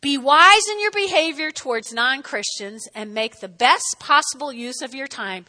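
A woman preaching a sermon in an animated way, often breaking off to ask "okay?" and acting out little scenes. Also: high-pitched, moderate pace. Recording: long hall reverb.

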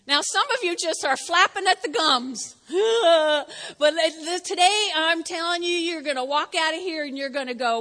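High bright-voiced woman pastor preaching. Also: moderate pace, long reverb tail. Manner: lively, talks straight to the congregation, acts out quotes. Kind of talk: sermon. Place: church sanctuary.

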